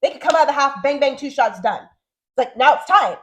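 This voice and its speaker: Lively woman in her 30s on a podcast, kinda high voice, acts out quotes as she chats. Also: slight background noise. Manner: animated, talks fast and acts out quotes. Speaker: podcast co-host. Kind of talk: casual chat.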